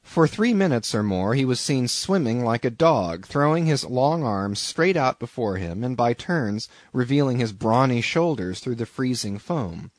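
A man reading a classic novel aloud as an audiobook narrator, in a slow, deliberate, measured way. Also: mid-range voice, expressive, no echo.

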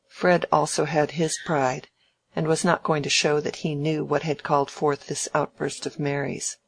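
An audiobook narrator reading a classic novel in a measured, even way. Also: medium pitch, gravelly, breathy edge, no echo.

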